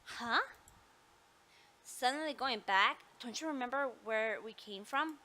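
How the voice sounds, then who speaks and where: A woman's voice: on the high side, measured pace, pushed and bright. Woman doing a frantic young guy. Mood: urgent. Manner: urging, repeating himself. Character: frantic young man, protective, panicking.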